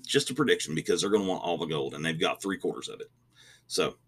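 A man talks wrestling in an easygoing podcast chat, his voice very low yet bright and forceful. He rambles and restarts his sentences, opinionated throughout. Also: lively intonation, quick pace, breathy edge. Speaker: podcast co-host.

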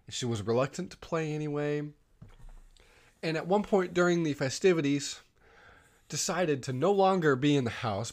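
A man telling a rambling holiday story in casual chat, with lots of "um" and "like.". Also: a little high. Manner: rambling storytelling with many fillers.

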